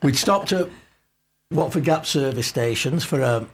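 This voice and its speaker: A man's voice: medium pitch, lively intonation, measured pace, a little hiss or hum. Older man telling a rambling story. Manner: rambling anecdote with hesitations. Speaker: studio guest. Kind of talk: storytelling in casual chat.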